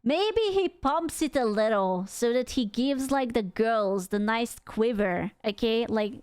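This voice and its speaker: Young woman streamer, higher smooth voice, dry close sound, just rambling bluntly. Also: lively intonation, a little slow, a little mellow, dry recording. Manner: blunt, rambling, laughs and swears casually. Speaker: VTuber streamer reacting to videos. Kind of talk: casual reaction stream chat.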